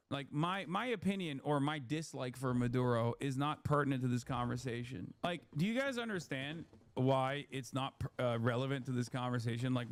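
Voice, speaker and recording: A man hosting a live stream, giving sarcastic, rambling political commentary full of "like" and asides. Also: medium pitch.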